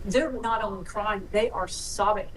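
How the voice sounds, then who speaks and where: A woman's voice: medium pitch, unhurried, a bit bright. A woman commentator earnestly retelling what was heard in court. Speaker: trial commentator. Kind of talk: recounting courtroom audio. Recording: distant broadcast audio with faint background noise.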